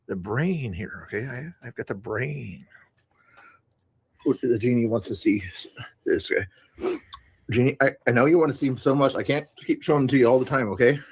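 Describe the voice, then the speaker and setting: A man with a mid-range voice and no echo talks through a replay of his own stream. He's casual and rambling, often restarting sentences or repeating words, and he slips in sarcastic comments.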